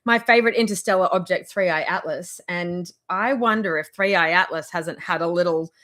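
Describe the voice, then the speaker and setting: A woman's voice: fairly low pitch, moderate pace, fairly bright tone. A woman giving casual motivational advice in a vlog, rambling and chatty, with frequent laughs. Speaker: wellness vlogger.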